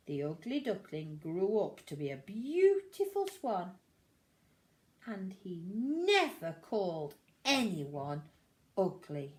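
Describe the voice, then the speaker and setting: A woman reading a picture book aloud to children in an animated, sing-song storytelling way. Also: mid-range voice, slow.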